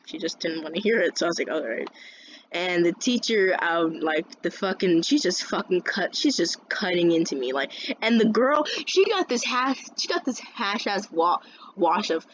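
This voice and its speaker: A woman's voice: lowish voice, expressive, moderate pace. A woman vlogger telling a story as a casual rant, rambling and swearing a lot, with many restarts. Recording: dull lo-fi sound with faint noise.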